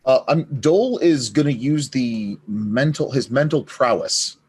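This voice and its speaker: Man, player, husky voice, lively pitch, hesitant, punning. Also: measured pace. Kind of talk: tabletop role-play chat.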